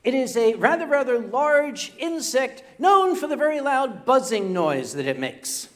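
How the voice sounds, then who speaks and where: An older man with a notably high voice tells a funny tale live on stage before a convention crowd. He stumbles over his words, repeats himself and breaks off for joking asides to the audience. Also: big pitch swings, unhurried. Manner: comic, stammering, chatty asides to the audience. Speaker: storyteller.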